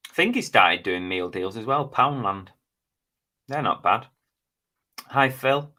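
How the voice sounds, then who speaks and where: A man's voice: medium pitch, expressive, slow pace, bright, forceful tone. A middle-aged man, hosting a casual live stream and chatting as he reads out viewers' names and comments. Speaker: live stream host reading chat.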